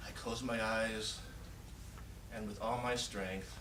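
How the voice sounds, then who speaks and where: A man's voice: lowish voice, slow. A man in his forties giving a humorous storytelling speech at a contest, acting out the scenes as he goes. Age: 40s. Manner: animated, acts out scenes and shouted pleas. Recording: echoey hall, distant mic, noisy.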